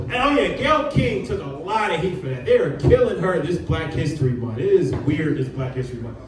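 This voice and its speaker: A man from Detroit doing stand-up, with a loose, conversational delivery and frequent asides like "you know" and "man". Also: on the high side. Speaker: stand-up comedian. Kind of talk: stand-up set. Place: comedy club stage with a live audience. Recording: roomy live club sound, audience laughter, from far off.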